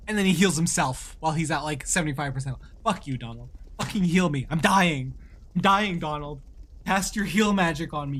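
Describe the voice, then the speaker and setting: A man streaming video games live, commenting excitably, swearing often and laughing a lot. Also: a little high, moderate pace. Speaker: game streamer.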